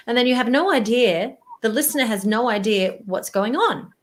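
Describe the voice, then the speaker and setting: A woman, a voice presentation coach giving tips in an interview, animated and demonstrative. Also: a little high, moderate pace.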